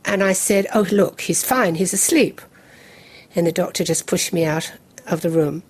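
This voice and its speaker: A woman, recounting a personal memory in measured, detailed storytelling as an interview guest. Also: fairly low pitch, a little mellow, breathy edge. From England. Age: 70s.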